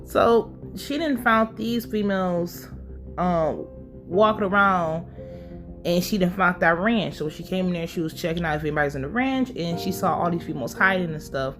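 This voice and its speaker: A woman's voice: fairly low pitch, normal speed, over music. A woman giving a casual, blunt and profane recap of a TV episode, full of her own opinions. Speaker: show recap host.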